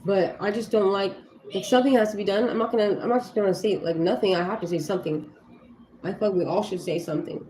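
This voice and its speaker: A woman's voice: mid-range voice, quick pace, mellow. A woman livestreaming in casual talk, blunt and heated, swearing often and filling her speech with "you know" and "like.". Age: adult with young children. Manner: heated, blunt, swears freely, many fillers. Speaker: livestream host. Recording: echoey room with faint ambient noise.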